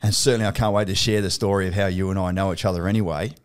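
A man's voice: deep voice, fairly even intonation, very fast, smooth. A middle-aged Australian man hosting a podcast interview, chatty and laughing often, swearing freely. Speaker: podcast host.

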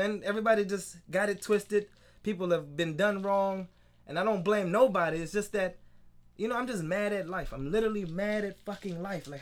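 Young male solo podcaster, fed-up profane rant, lots of restarts, voice sits on the high side. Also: fairly bright tone. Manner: profane, frustrated ranting with frequent restarts. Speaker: podcast host.

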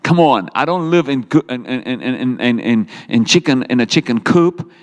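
South African preacher in an echoey hall. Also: male voice, medium pitch, normal speed. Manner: animated storytelling preacher, voicing God and himself in quotes. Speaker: pastor. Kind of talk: sermon.

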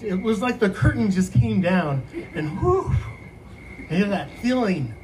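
A man who works as a student affairs advisor, telling a personal story on a podcast in an animated way and laughing often. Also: sits high, measured pace, long pauses, slight background noise, rough recording.

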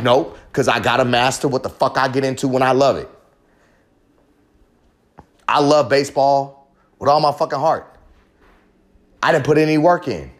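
Profane, impassioned man with a higher voice. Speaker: podcast host. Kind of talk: raw confessional monologue.

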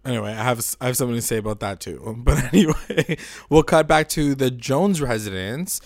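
A man's voice: medium pitch, brisk, dry recording. Man, casual recap chat, rambling, opinionated, lots of "like", dry close mic. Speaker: podcast co-host.

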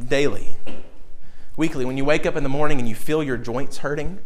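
A man's voice: medium pitch, steady tone, brisk, a little hiss or hum. A middle-aged man preaching a sermon, earnest, asking his listeners direct questions and repeating key words.

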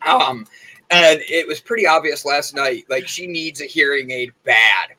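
A chatty male host tells rambling morning stories in a relaxed, casual way. His voice sits a bit high for a man and has a bright, forward edge. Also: unhurried, low-quality recording. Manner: chatty and rambling, with many fillers. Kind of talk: casual chat.

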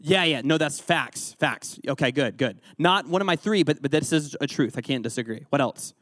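A man's voice: fairly high pitch, expressive, normal speed, fairly bright tone, no room sound, clean studio sound. A man leading an interactive Bible lesson as a youth pastor, quizzing his listeners and joking along the way. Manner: playful, joking, quizzes the audience.

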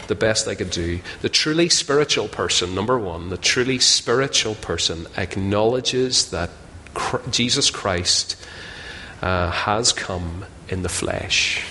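Bright-voiced male preacher in a reverberant hall. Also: fairly low pitch, lively intonation, measured pace, slight background noise. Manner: conversational, self-deprecating, asks the audience questions. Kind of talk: sermon. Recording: long hall reverb, faint ambience.

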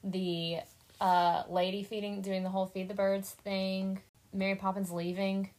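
A woman co-hosts a relaxed podcast chat. She mostly backs up her partner with short, supportive reactions. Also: medium pitch, measured pace, rough recording. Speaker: podcast co-host. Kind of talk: casual chat.

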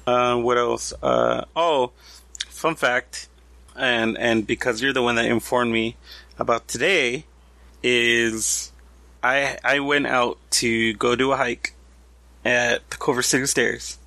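A man co-hosting a podcast in casual chat, telling stories in an animated, joking way. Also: mid-range voice, slow, gravelly, no room sound. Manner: animated storyteller, jokey. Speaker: podcast co-host.

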